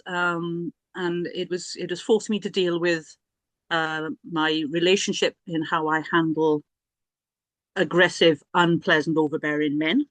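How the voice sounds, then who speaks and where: A woman's voice: on the low side, fairly bright tone, no room sound. A middle-aged woman, a priestess and healer, telling a personal story in a chatty, self-mocking way with many restarts and asides.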